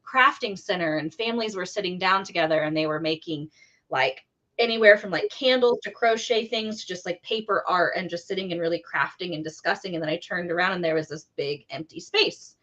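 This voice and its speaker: A woman tells a long personal story in a relaxed, chatty way, full of fillers and restarts. Her voice sits a little low. The audio is dull and lo-fi. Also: fairly quick. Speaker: guest, teacher. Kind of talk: casual storytelling chat.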